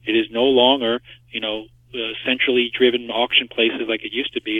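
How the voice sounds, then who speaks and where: A man on a phone line, rattling through his points at a quick clip. The line is thin and tinny, with no room sound at all. He talks emphatically, punching his points with rhetorical questions. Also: mid-range voice, no echo. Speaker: market structure expert guest. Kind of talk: interview over the phone.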